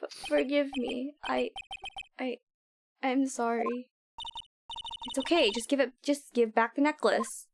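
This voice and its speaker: A woman's voice: high voice, fairly even intonation, measured pace, vocal fry, pauses often, background noise. A woman reading as an anxious young woman. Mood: pleading. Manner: worried, pleading.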